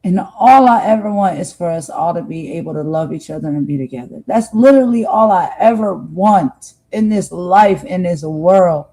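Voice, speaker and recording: A woman's voice: on the low side, lively intonation, moderate pace, few pauses, warm tone, low-quality recording. A woman from the United States hosting a livestream, talking to viewers in an earnest, heartfelt monologue and often repeating herself for emphasis. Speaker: livestream host.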